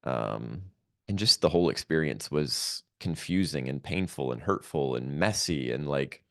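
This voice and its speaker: A man, a podcast guest, telling a painful personal story in a reflective, halting way with many pauses. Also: extremely low pitch, expressive, creaky, dry recording, clean studio sound.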